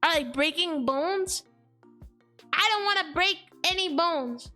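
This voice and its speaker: Super high bright-voiced woman streamer, slow drawn-out slangy chatter. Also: expressive, faint music behind. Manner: slangy and exclaiming, heavy on "like" and "dude". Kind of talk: casual chat stream.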